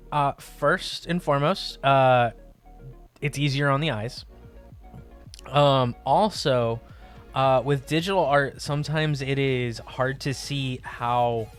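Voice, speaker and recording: A man's voice: mid-range voice, clear, resonant tone. A man chatting casually as he streams his drawing, rambling with lots of fillers and easy laughs. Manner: relaxed and rambling, many fillers, laughs often. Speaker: live art streamer. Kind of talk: casual chat while drawing. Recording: faint music behind the voice.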